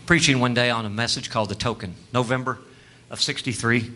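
A male preacher, delivering a sermon that moves between hushed, tender passages and loud, animated storytelling. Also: medium pitch, brisk.

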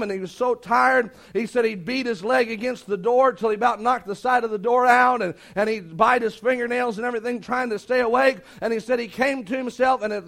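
A preacher with a notably high voice delivers a sermon in a folksy storytelling manner. He retells an anecdote and voices the people in it as he goes. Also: creaky, a bit bright.

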